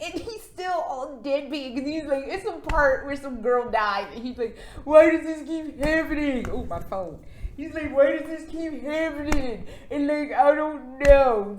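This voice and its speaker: A woman vlogging about video games in a casual, sarcastic, profane rant. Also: high-pitched. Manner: sarcastic and profane, with frequent laughs. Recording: roomy echo.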